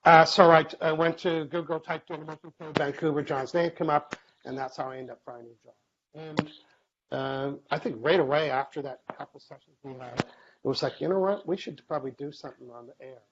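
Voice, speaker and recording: A man hosting a live online question-and-answer show, chatty and animated, often acting out short quoted exchanges. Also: on the high side, a little fast. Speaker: host. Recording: muffled live-stream audio with faint hiss.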